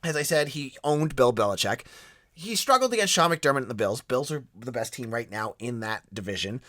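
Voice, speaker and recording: A man with a Boston accent talks through sports news as a podcast host, his voice bright and forceful as it swings widely in pitch. He is opinionated and casual, often restarting his sentences. The recording is dry and close. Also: no echo.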